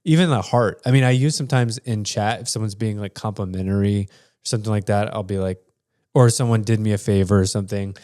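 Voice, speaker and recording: A man's voice: lowish voice, brisk, warm tone. A man co-hosting a podcast in casual chat, rambling and restarting often, laughing between thoughts. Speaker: podcast co-host.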